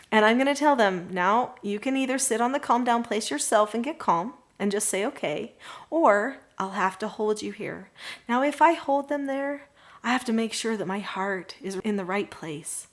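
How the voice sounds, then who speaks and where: Earnest woman giving parenting advice. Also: medium pitch. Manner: warm, earnest and reassuring, sometimes drops to a soft calm voice. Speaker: parenting educator. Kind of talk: direct-to-camera parenting advice.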